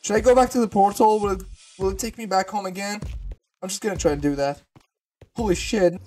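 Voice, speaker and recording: A gamer giving gameplay commentary, excitable, swearing often and repeating words in panicked bursts. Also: mid-range voice, fairly quick, soft background music. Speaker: gamer hosting a let's-play channel.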